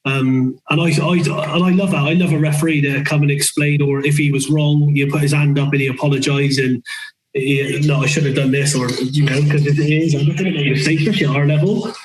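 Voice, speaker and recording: A football manager guesting on a podcast, his voice slightly high. He starts sentences over and over as he gathers his thoughts. There is an echoey room with faint noise behind him. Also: steady tone, brisk. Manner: hesitant, restarting sentences. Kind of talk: casual podcast chat. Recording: roomy echo with faint background noise.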